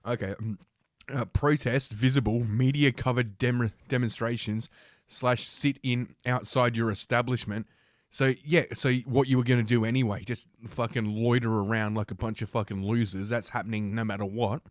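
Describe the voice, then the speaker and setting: A man's voice: medium pitch, fairly even intonation, normal speed, dry recording, clean studio sound. A young man hosting a livestream, reading news aloud and ranting about it in a sarcastic, profane, combative way. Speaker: livestream host.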